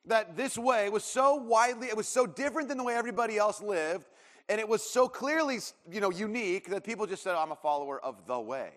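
A man in his thirties preaches a sermon in a loose, storytelling way, circling back through fillers and restarts before he lands each point. His voice sits a little higher than most men's, and it rings out with a long reverb, as if in a large hall. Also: brisk, a bit bright. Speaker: pastor.

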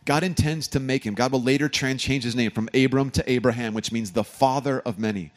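A man, a pastor from California, preaching a sermon with humorous stories and animated emphasis. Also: medium pitch, brisk. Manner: storytelling, joking asides, animated emphasis.

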